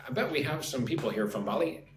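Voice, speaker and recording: A chatty American man hosting a casual live stream, reading out viewers' comments and answering them one by one. His pitch moves around a lot as he talks. The room sounds echoey, with a faint hum of ambient noise underneath. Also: lively intonation, fast talker. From United States. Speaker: online English teacher.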